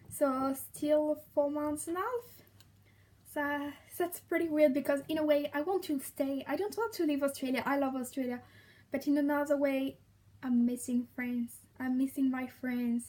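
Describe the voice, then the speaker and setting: Excitable young French woman, high voice. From France. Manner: excitable, gushing, laughs often. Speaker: vlogger. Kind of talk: casual vlog talk.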